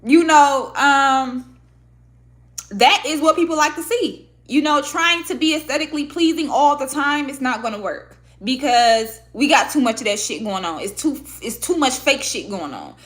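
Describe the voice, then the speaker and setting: A woman's voice: sits high, moderate pace. A woman from Michigan, talking candidly and with plenty of swearing as she vlogs to camera. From Michigan, USA. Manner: candid, profane, expressive. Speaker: vlogger and podcaster. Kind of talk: casual talk to camera. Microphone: own microphone at a desk setup.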